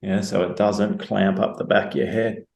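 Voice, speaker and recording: A man in his forties with an Australian accent, a guest osteopath explaining things in a relaxed, chatty way with frequent restarts. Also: on the low side, moderate pace, creaky. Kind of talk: casual interview explanation. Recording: roomy echo.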